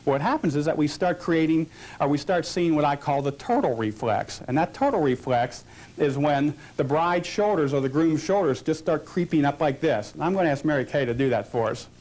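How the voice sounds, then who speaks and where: A man with a voice pitched a little high gives a hands-on photography lesson. He asks questions and answers them himself, then coaches a model through each pose with short prompts. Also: expressive, brisk, a little mellow. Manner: explains with rhetorical questions, coaching a posing model. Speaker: photography instructor. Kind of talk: instructional demonstration.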